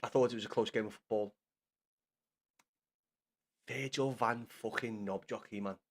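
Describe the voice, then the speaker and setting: A man's voice: lowish voice, fairly even intonation, normal speed, vocal fry. A young man chatting casually with his live-stream viewers in blunt, sweary banter. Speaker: livestreamer.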